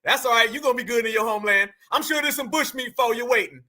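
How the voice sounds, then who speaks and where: An American man hosting reaction commentary, animated and loud, slangy and mocking, often shouting. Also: very high voice, quick pace. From United States. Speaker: commentary channel host.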